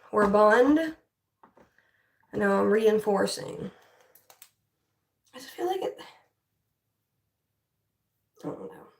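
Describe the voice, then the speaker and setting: A young woman with a fairly high, darkish-toned voice chats casually with her livestream viewers while styling her hair, frustrated and swearing. The mic is distant, catching her off-mic in an echoey room.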